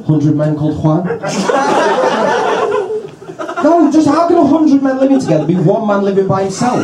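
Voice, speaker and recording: A man's voice: high voice, big pitch swings, unhurried, pauses often, far from the mic, background noise. A man doing a stand-up comedy set on a handheld mic, exasperated and repeating himself at a pretend audience member. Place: comedy venue with a live audience. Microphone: handheld stage mic. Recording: echoey live room, crowd audible.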